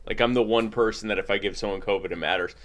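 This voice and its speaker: A man's voice: fairly low pitch, quick pace, a loud crowd. A man co-hosting a podcast, riffing sarcastically in casual political banter and slipping into mocking impressions. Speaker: podcast co-host.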